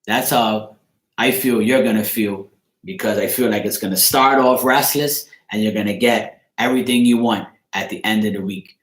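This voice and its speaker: A man's voice: fairly low pitch, fairly even intonation, normal speed, echoey room. A man giving a casual tarot reading on a livestream, rambling loosely, swearing now and then and breaking off to greet viewers. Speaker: tarot reader.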